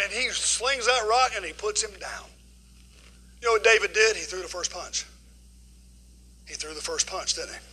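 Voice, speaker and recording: A middle-aged man preaching a sermon in a folksy storytelling way, using casual dialect grammar and swinging from loud passages to hushed ones. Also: high voice, slightly rough, low-quality recording. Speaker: guest preacher.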